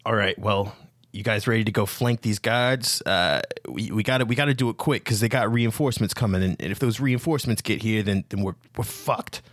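A man's voice: on the low side, a little fast, fairly bright tone, dry recording, clean studio sound. A man narrating as game master in a casual way with frequent fillers.

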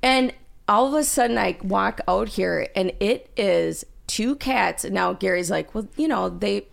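A woman's voice: medium pitch, unhurried, creaky. A woman co-hosting a casual podcast, telling a story animatedly and acting out her own panicked lines. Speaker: podcast co-host.

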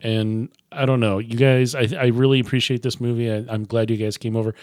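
A man's voice: mid-range voice, little pitch movement, a little fast, a little mellow, dry recording, studio quality. A man hosting a casual podcast chat with friends, easygoing and laughing often as he wraps up the show. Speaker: podcast host.

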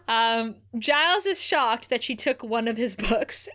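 A woman's voice: expressive, unhurried, bright, forceful tone. A young woman co-hosting a casual recap podcast, laughing often and acting out quotes. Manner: laughs often, acts out quotes with raised pitch. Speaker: podcast co-host.

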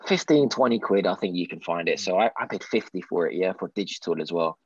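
A man co-hosting a gaming podcast, jokey and quick to laugh. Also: low voice, a crowd in the background. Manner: laughs often, lively and jokey. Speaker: podcast co-host. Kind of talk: casual gaming podcast chat. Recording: dull, slightly lo-fi sound.

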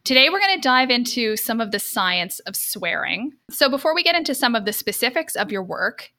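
A woman's voice: on the high side, big pitch swings, brisk, pushed and bright. A woman hosting a podcast, opening the interview in an upbeat, chatty way. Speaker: podcast host.

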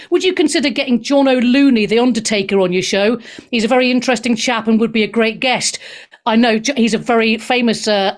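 A woman hosting a talk show, reading out listener emails and taking calls in a cheeky, breezy way that slips into swearing. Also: on the high side.

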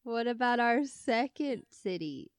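A woman's voice: fairly high pitch, animated, unhurried, smooth, no echo, clean studio sound. A woman co-hosting a podcast in casual chat, adding wry, teasing comments. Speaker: podcast co-host.

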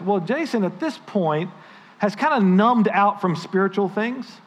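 A man's voice: sits high, sing-song, normal speed. A male pastor preaching a sermon, telling a story and building to emphatic, rising points. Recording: long hall reverb.

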